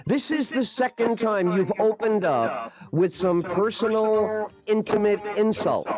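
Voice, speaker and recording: Sarcastic, high-pitched male radio host. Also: animated, a little slow, music in the background. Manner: sarcastic, combative, profane, repeats the caller's name. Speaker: radio talk show host. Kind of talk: on-air exchange with a prank caller.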